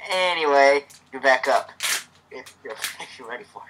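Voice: medium pitch, animated, moderate pace, noisy background. The host of a live fanfic reading, narrating and chatting in a rambling way with lots of fillers on a home microphone.

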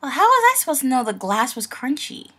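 A woman voicing a clumsy, cheerful young unicorn mare in a live fanfic reading, talking in a breathy, lively way. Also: high-pitched, measured pace, background noise. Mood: defensive. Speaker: voice actor reading a character part.

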